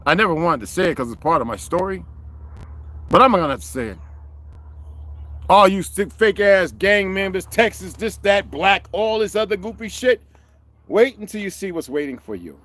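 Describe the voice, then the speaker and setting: Cursing, animated man on a livestream. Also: sits high, moderate pace. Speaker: livestream host. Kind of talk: profane livestream rant and chat greetings.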